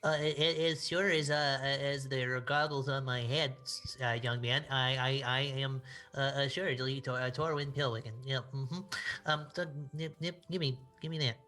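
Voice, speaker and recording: A man's voice: mid-range voice, steady tone, normal speed, sharp tone. A man playing a stammering fussy gnome inventor. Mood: bossy, flustered. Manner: stammering, bossy. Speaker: player. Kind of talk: playing a tabletop game character.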